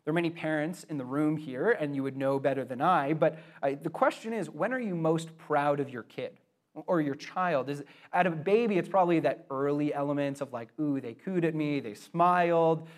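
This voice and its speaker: Young male pastor, sermon delivery, earnest and conversational, slightly high voice. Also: moderate pace. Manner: earnest, conversational preaching with emphatic swells.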